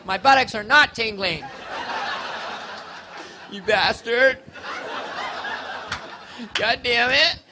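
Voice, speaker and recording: A man's voice: very high voice, very slow, long pauses, background noise. A man doing a live stand-up comedy set on a club stage, playful and self-mocking.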